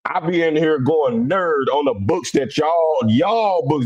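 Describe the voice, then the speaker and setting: A man's voice: a little high, moderate pace, hardly any pauses, no room sound. Blunt man from Cincinnati livestreaming. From Cincinnati, USA. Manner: blunt, animated, rough-edged. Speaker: livestream host. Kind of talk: casual livestream talk.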